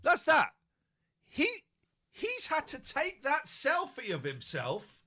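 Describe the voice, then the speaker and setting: A man's voice: extremely high pitch, wildly swooping pitch, takes it slowly, pushed and bright. A man hosting a podcast, telling a story in casual chat and reading messages aloud. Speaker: podcast host.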